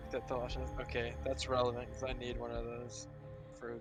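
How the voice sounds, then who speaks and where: A man's voice: mid-range voice, completely flat delivery, a little fast, faint music behind, poor audio. A young man playing a tabletop game and talking casually in a matter-of-fact way. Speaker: player.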